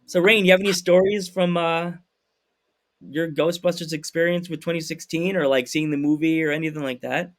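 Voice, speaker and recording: A man hosting a podcast, telling a story in a lively, animated way and acting out the people in it. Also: on the high side, normal speed. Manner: animated, acts out voices in anecdotes. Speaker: podcast host. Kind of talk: casual storytelling chat.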